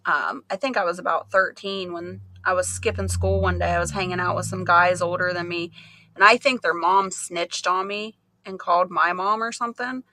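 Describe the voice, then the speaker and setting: A middle-aged woman hosting a livestream, telling animated stories in casual chat and laughing often. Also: lowish voice, moderate pace. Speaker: livestream host.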